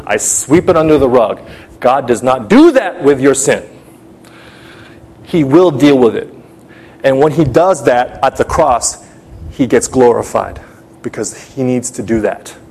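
A man's voice: mid-range voice, animated, moderate pace, darkish tone, husky. A man preaching an urgent sermon, speaking straight to his listeners and telling a personal story with a lot of drama.

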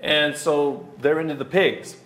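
Recorded with roomy hall echo and slight background noise, this thirtysomething preacher works through scripture verse by verse. His voice is a little high and fairly bright, steady and measured, and he repeats key phrases emphatically amid many fillers.

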